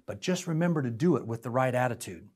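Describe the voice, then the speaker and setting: A man's voice: medium pitch, lively intonation, quick pace, darkish tone. A man preaching a sermon in an earnest, emphatic way, often asking his listeners questions. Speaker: pastor.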